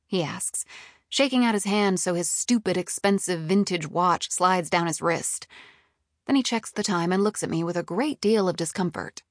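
A woman's voice: fairly low pitch, normal speed, dry recording, studio quality. Woman narrating a first-person audiobook.

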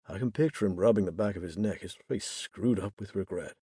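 Young male audiobook narrator, low and husky, dry close sound, wry delivery. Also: a little fast, hardly any pauses, mellow, dry recording. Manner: wry and bitter. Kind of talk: first-person audiobook narration.

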